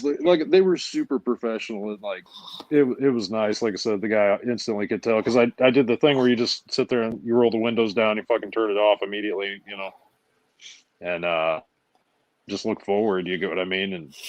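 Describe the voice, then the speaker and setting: A man with a low voice tells stories in a casual chat, animated and salty with his language. The sound is dull and lo-fi, with dry, close pickup. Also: no echo. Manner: profane, animated storytelling with acted-out quotes. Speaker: show host.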